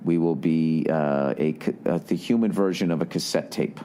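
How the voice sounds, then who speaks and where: A man's voice: extremely low pitch, normal speed, warm tone, a little hiss or hum. A man hosting a podcast, ranting with heavy swearing and sarcasm and reading listener letters aloud. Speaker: podcast host. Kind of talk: casual podcast monologue.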